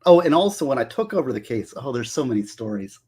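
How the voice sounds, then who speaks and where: A man who works as a public defender tells stories about his career in casual, animated talk, acting out the voices of the people he quotes. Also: mid-range voice, quick pace, slightly rough. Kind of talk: casual storytelling monologue.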